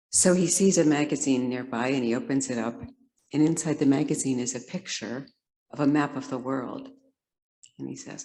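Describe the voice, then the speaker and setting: A woman guest speaker telling a story as a sermon, expressive and giving each character a voice in the quotes. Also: rumbling low, moderate pace, poor audio. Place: congregation sanctuary.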